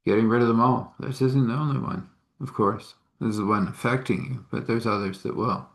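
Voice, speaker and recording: A man playing a calm, wry male healer. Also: medium pitch, brisk, vocal fry, lightly acted.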